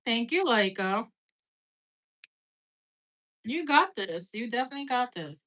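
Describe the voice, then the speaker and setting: A woman with a slightly high voice hosts a relaxed live tarot reading. She talks in a loose, rambling way, filling gaps with "like" and "right?" and swearing casually now and then. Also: measured pace. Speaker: tarot reader.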